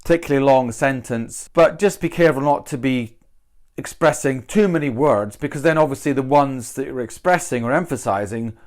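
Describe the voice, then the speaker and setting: A man's voice: medium pitch, brisk, a little mellow. A man from Britain teaching English pronunciation, thinking aloud and repeating example sentences with different stress. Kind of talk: explanatory lesson.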